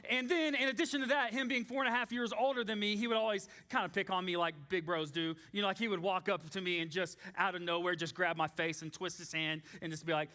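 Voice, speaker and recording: A man, preaching a sermon in a church in a casual, animated storytelling way with many fillers. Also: very high-pitched. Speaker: pastor.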